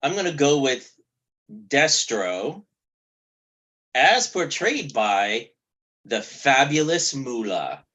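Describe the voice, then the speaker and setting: A man's voice: medium pitch, very animated, takes it slowly, pauses often, sharp tone, dull audio. A man from Kentucky co-hosting a podcast, chatting casually and telling stories at an easy pace. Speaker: podcast co-host. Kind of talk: casual chat.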